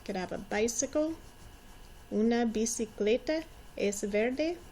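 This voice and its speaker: Slightly high and animated, this woman's voice has a dark tone and a somewhat slow pace, with a bit of background noise. She's in her forties, patiently teaching young children in a classroom, encouraging them by repeating every word for them to say along with her.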